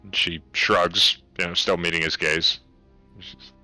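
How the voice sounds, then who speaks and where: A man runs a tabletop game in a slow, low voice with a bright, forceful edge. He halts and restarts often as he narrates, with faint music in the background. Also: fairly even intonation, dry recording. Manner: halting, with many fillers and restarts. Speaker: game master.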